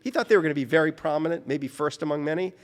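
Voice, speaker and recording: A man's voice: fairly high pitch, racing, big-room sound. A man from New Orleans, an author, telling anecdotes as an interview guest, often restarting and correcting himself mid-sentence. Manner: animated, self-correcting storyteller. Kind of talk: anecdotal storytelling in conversation.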